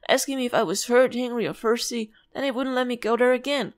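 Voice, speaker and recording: A woman's voice: on the high side, fast, pitched above the performer's own voice, close to an everyday voice. A woman voicing a small, polite and curious village child who talks earnestly and sometimes stumbles over words, as a fan voice-over of game dialogue. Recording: faint music behind.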